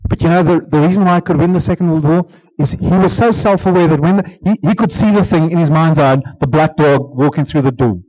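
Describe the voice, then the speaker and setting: A pastor delivers a sermon in a high, bright-edged voice, moving from emphatic declarations to soft, hushed near-whispers. The recording sounds dull and lo-fi. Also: male voice, fast, few pauses.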